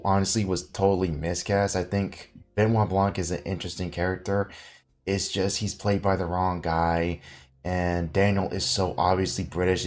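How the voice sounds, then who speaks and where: Tired low-voiced man ranting on a podcast. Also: darkish tone. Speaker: podcast host. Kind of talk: casual podcast chat.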